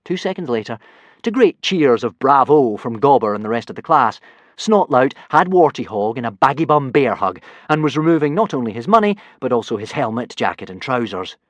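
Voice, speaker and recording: Animated male storybook narrator. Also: mid-range voice, fairly quick, no echo, dull audio. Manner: animated, expressive. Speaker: audiobook narrator.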